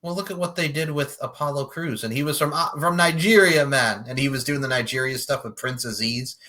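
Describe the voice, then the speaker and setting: A man's voice: mid-range voice, brisk, sharp tone. A man with a New York accent hosting a podcast, chatting casually with frequent laughs and swearing. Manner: laid-back, profane, laughs often. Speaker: podcast host.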